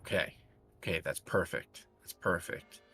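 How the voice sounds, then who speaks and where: A man's voice: deep voice, a little slow, pushed and bright, soft background music. A man playing a tabletop game, describing his character's actions and politely asking about the rules. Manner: polite, thinking aloud about rolls. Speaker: player. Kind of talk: tabletop role-play.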